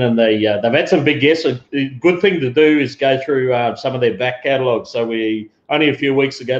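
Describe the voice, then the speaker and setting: A laid-back Australian man hosts a live chat show, talking in a matey, rambling way. His voice sits in a roomy space. The sound is a little dull and lo-fi. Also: mid-range voice. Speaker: show host. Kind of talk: casual live-stream chat.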